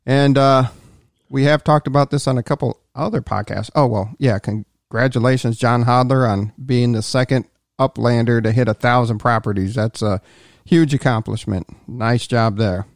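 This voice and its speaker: A man co-hosting a podcast in casual chat, upbeat and steering the segments with quick asides. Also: medium pitch, fairly even intonation, creaky, no room sound, clean studio sound. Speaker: podcast co-host.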